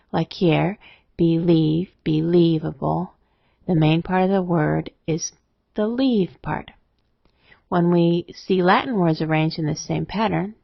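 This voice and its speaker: A woman narrating a scripted spelling lesson, explaining rules in a steady, methodical way. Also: fairly low pitch, creaky, no room sound. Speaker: spelling teacher. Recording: dry, dull lo-fi voice-over.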